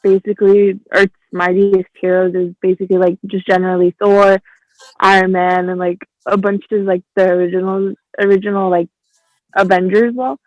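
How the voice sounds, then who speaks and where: A man with a high voice rambles on a casual podcast and strings his thoughts together with fillers. The sound is close and dry. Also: level tone, normal speed, dry recording, dull audio. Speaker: podcast co-host. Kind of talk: casual chat.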